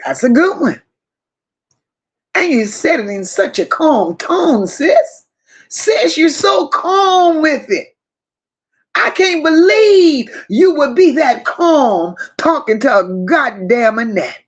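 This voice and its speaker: Woman host, high voice, slow deliberate delivery, dramatic and slangy as she reads comments aloud. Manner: animated, dramatic, slangy and emphatic. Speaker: livestream host. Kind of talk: casual live chat reading comments.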